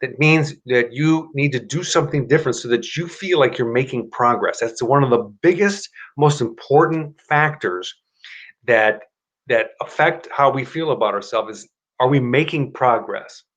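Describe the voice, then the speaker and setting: A man talks into his computer mic while hosting a live stream. He rambles in a chatty way and often stops to correct himself. At times he slips into an upbeat motivational pitch. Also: moderate pace, fairly bright tone. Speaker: host of a live stream show. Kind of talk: casual live-stream talk and self-help pitch.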